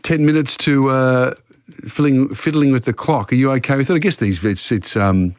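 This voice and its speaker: A man's voice: mid-range voice, moderate pace, no room sound, studio quality. A man hosting a radio quiz, chatty and easygoing, reading out questions and talking around them. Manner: chatty, reads questions then talks them through. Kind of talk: casual radio quiz chat.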